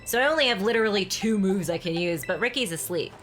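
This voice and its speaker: A woman's voice: medium pitch, animated, fast. A woman chatting casually while playing a video game, thinking aloud and giggling. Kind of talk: casual gameplay chat. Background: game music.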